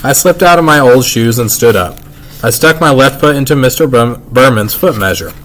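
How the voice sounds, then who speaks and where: A man reading a children's novel aloud in first-person narration, unhurried and plain. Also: mid-range voice, fairly bright tone. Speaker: reader.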